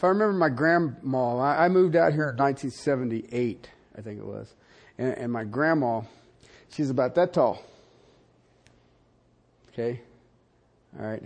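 An older man preaching a sermon, animated and conversational, with frequent asides to the congregation. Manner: animated preaching with wide swings in pitch and loudness, asides to the audience. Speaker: pastor.

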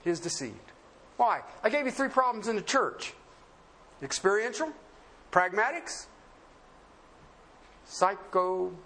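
Male preacher, very high voice, lively pitch, rhetorical questions, drops to low murmurs. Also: slight background noise. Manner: animated, rhetorical questions, wide swings between loud highs and low murmurs; laughs often. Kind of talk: sermon.

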